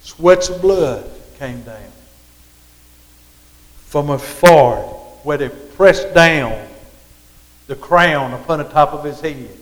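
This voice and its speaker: A man's voice: on the high side, slow pace, long pauses. A man preaching a rambling sermon, his voice swelling and dropping as he repeats himself. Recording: reverberant hall.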